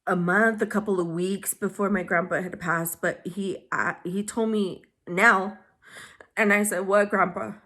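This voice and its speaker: A woman vlogger telling a personal story to camera, soft-spoken and halting as she searches for words, grieving and holding back tears. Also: medium pitch, fairly even intonation. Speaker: beauty vlogger.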